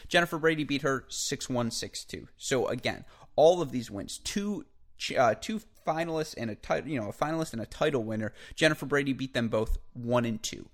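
A man's voice: medium pitch, lively intonation, a little fast. A man hosting a solo sports podcast, talking energetically in a chatty way with frequent asides and self-corrections. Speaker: podcast host. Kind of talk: solo tennis podcast monologue.

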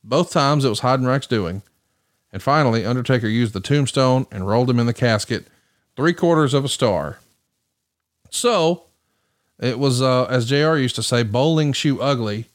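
A man hosts a casual podcast, running through results at a steady clip. His voice sits in a middle range, with a dry, wry edge. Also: mid-range voice. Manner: brisk, rundown of match results with wry asides. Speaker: podcast host. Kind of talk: casual wrestling recap commentary.

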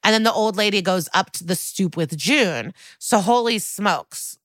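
A woman's voice: medium pitch, a little slow, no room sound. A woman co-hosting a podcast, recapping a TV episode in casual chat and acting out the characters' lines with lots of "like.". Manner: animated storytelling, acts out quotes, many "like"s. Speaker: podcast co-host.

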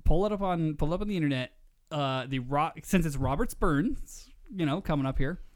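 A man co-hosting a charity livestream, chatting casually. His voice sits a little high for a man. He is loud and excitable, and he swears and laughs freely. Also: brisk. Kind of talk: casual chat.

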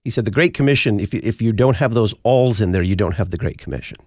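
A man's voice: lowish voice, fast, darkish tone, dry recording, studio quality. A man hosting a talk radio show, answering listener mail in an emphatic, preacherly way.

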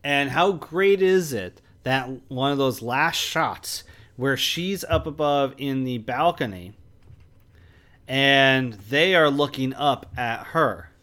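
A man's voice: mid-range voice, lively intonation, slow pace, sharp tone. A man co-hosting a movie podcast, explaining at length with frequent restarts. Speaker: podcast co-host. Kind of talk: casual movie review chat.

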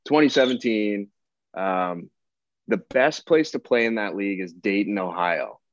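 On a podcast, a young professional baseball player unhurriedly shares a story, his lowish voice carrying no room sound. He keeps it easygoing and conversational, performing the people involved and repeating their lines. The audio is flat, lo-fi and dry.

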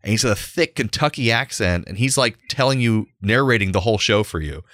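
A young adult man, co-hosting a casual podcast chat as an animated storyteller who laughs often. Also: on the low side, fairly quick, dry recording, studio quality. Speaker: podcast co-host.

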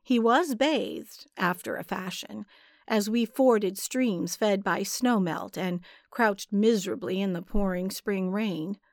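A woman reads a story aloud in a measured, deliberate manner. Her pace is slow and unhurried. The recording is dry and close. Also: medium pitch, no room sound. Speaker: audiobook narrator. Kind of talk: scripted story narration.

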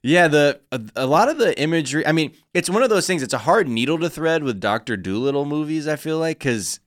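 A man's voice: fairly high pitch, animated, brisk, dry recording, studio quality. A man in a casual comedic podcast chat who speaks bluntly, swears and laughs a lot.

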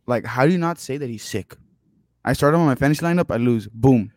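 A man with a mid-range voice rants about football and fantasy losses on a sports podcast, swearing constantly. He often drops into low mutters, and the sound is close and dry. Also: lively intonation, fast, darkish tone, no room sound. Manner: profane, ranting, drops to mutters. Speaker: podcast co-host. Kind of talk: casual sports chat.

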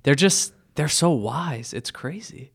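A man on a podcast as a guest, chatting easily and making quick jokes. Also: fairly high pitch, expressive, creaky, husky. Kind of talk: casual chat.

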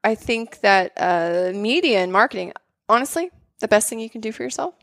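A woman's voice: fairly high pitch, moderate pace, gravelly, dry recording. A woman in casual conversation, telling stories animatedly with lots of fillers. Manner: animated storytelling with many fillers.

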